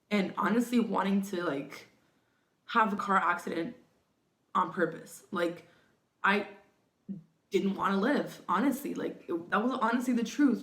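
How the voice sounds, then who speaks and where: A young woman vlogger telling a personal story in a confessional way, hesitant and repetitive, with many fillers and restarts. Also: mid-range voice. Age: young adult. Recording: echoey room.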